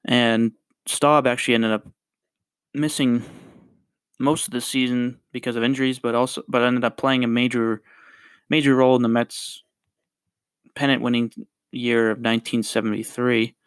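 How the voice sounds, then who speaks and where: Man smooth, dry-sounding podcast host. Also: mid-range voice, flat delivery, normal speed, no room sound. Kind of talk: casual solo podcast talk.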